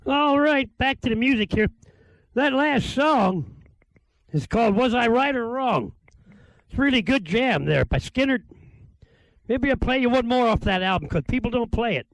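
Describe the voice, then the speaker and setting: A man hosting a radio music show, talking in a folksy, rambling way and spelling things out slowly for listeners. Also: very high voice, expressive, gravelly, no echo, low-quality recording. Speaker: radio DJ host. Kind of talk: casual radio patter.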